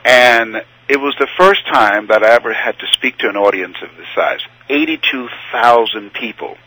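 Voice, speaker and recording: A husky-voiced man whose bright, forceful delivery swings widely up and down in pitch. He is a motivational speaker telling a story in conversation, acting out scenes and voices and laughing often. The sound is dry and close. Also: animated, normal speed, no room sound, low-quality recording.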